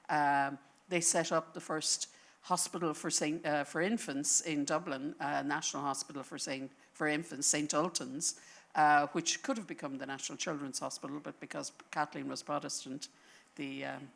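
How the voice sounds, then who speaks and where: A woman speaking on a panel, telling a history as a story in an animated, thinking-aloud way. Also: sits low, vocal fry. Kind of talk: conversational panel talk. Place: lecture panel before an audience.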